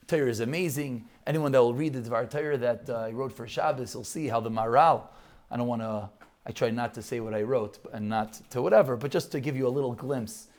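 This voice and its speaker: Animated rabbi telling a parable. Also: male voice, medium pitch. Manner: animated storytelling, rhetorical questions. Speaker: rabbi giving a Torah talk. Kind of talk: sermon to a live audience.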